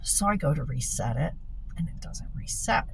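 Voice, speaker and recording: A woman's voice: deep voice, moderate pace, creaky. A woman casually telling a story to camera, swearing freely and laughing as she goes. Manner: profane, animated storytelling with laughs. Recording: far from mic, loud traffic noise outside.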